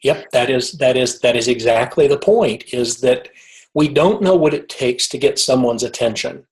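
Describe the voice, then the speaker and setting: A man, a guest author, telling a personal story in conversation, halting and repeating words as he gets emotional. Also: medium pitch, darkish tone, rough recording.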